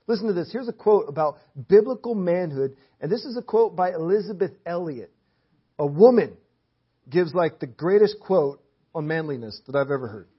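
A hoarse man preaching a sermon. He reads scripture, then presses his point with earnest, repeated rhetorical questions. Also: fairly high pitch, lively intonation, moderate pace. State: hoarse, clearing his throat. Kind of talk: sermon with Bible reading. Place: church. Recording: dull lo-fi audio.

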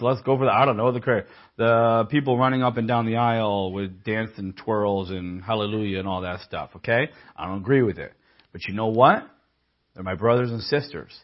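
A man preaching to his congregation in a relaxed, chatty way, slipping from scripture into a funny story. His voice is somewhat husky, and the church recording sounds a bit dull and lo-fi. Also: medium pitch. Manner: casual, conversational preaching with humorous anecdotes. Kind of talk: sermon.

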